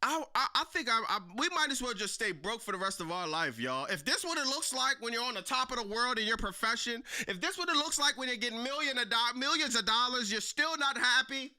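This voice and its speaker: A man with a high, very bright and cutting voice gives live-stream reaction commentary on wrestling. He mocks loudly, repeats phrases for comic effect and breaks into sudden shouts. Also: lively intonation, fairly quick, hardly any pauses. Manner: loud, mocking, bursts into shouts.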